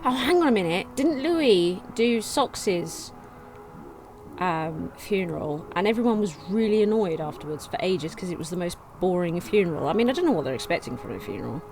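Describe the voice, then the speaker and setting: A woman casually commenting on her gameplay, reading game text aloud in a chatty way with sudden excited outbursts. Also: on the low side, normal speed, a little hiss or hum. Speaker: let's play gamer.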